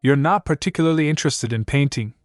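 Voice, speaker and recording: Guy doing a calm reserved young noble, kinda earnest. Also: on the high side, moderate pace, no room sound, studio quality, voice pushed up, close to an everyday voice.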